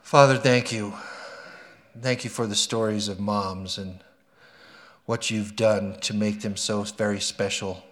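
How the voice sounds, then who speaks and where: A male pastor giving a Mother's Day sermon, telling stories with lively energy and praying earnestly. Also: on the low side, a little slow. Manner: lively storytelling, earnest in prayer. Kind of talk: sermon with a read story and prayer.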